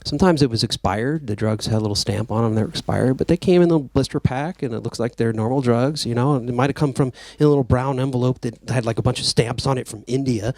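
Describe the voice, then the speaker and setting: This mid-range male voice moves at a quick pace with few pauses and no echo. He's an author addressing an audience at a book talk in a conversational way, full of fillers and restarts, livening up whenever he quotes.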